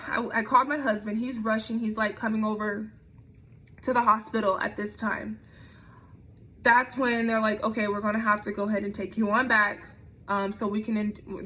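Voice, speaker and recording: Bright-voiced young woman telling a story. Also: on the high side. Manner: conversational, with frequent "like" and restarts. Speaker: speaker telling a personal story. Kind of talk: personal story speech. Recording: dull lo-fi recording.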